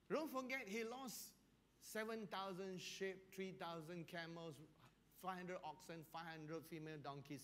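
Chuckling preacher. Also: male voice, high-pitched. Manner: humorous, chuckling storyteller. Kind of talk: sermon.

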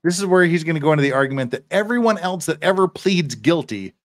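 A man's voice: a little high, animated, fast talker, dry recording. A man commenting casually on a historic courtroom speech, explaining each argument with emphatic, restart-filled delivery. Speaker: legal commentator.

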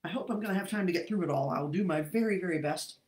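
A woman's voice: on the low side, very fast, darkish tone, echoey room, poor audio. A woman teaching an online Bible lesson, reading scripture expressively and adding jokey asides, heard over an online call.

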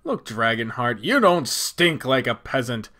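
A man's voice: mid-range voice, sing-song, a little slow, pushed and bright, pitched below the performer's own voice. A man voicing a snooty, dismissive male knight who guards a mountain pass in a game, reading the lines out fairly plainly.

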